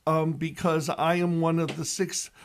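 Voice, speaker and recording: A high-pitched man in his sixties with a lilt talks on the radio as a pastor. He tells his stories with animation and raises his voice sharply for the punchlines. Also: measured pace, smooth. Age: 60s. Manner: animated storyteller who shouts the punchlines. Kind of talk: radio reflection and joke telling.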